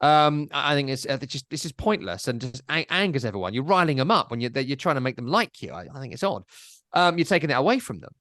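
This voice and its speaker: Animated football podcast host. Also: male voice, mid-range voice, fast talker, no room sound, studio quality. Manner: animated, jokey, mimics commentators. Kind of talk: casual football chat.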